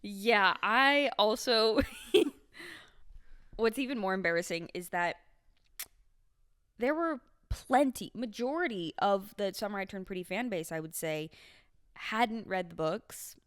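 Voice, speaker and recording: Smooth-voiced young woman co-hosting a podcast. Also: mid-range voice, expressive, unhurried, long pauses, a bit bright. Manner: chatty, self-mocking, laughs often. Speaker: podcast co-host. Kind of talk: casual chat.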